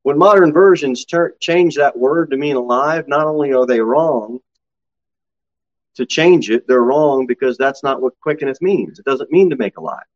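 A man preaching a sermon as pastor, swinging from low, quiet asides to high, ringing exclamations. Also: moderate pace, lo-fi sound.

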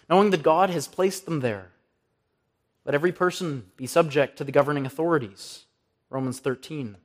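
A man preaching an earnest sermon from the pulpit, quoting scripture and naming the references. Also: a little high.

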